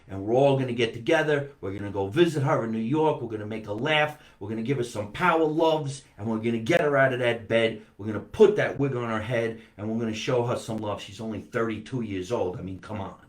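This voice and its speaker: A man's voice: mid-range voice, roomy sound. A man, a comedian, hosting a casual live stream, chatting animatedly and reading out viewer comments. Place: home basement.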